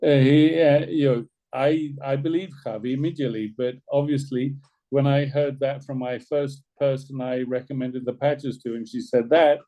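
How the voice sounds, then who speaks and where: A man's voice: medium pitch, steady tone, moderate pace, mellow, dull audio. A man leading an orientation video call, talking loosely and persuasively, often repeating his words. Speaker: team leader on an orientation call. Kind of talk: casual persuasive talk.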